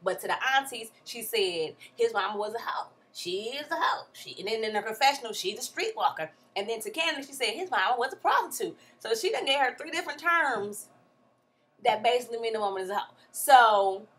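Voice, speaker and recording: A young woman talks in with a bright, forceful voice pitched a little high. Her delivery is animated and exasperated, and it jumps around a lot as she recaps a reality show in blunt, slangy, casual commentary. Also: brisk.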